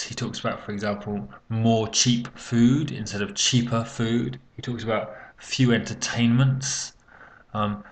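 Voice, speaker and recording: Gravelly-voiced man explaining exam feedback. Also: on the low side, fairly bright tone. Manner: hesitant, many fillers and restarts, occasional coughs. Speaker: English exam teacher. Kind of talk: unscripted spoken lesson.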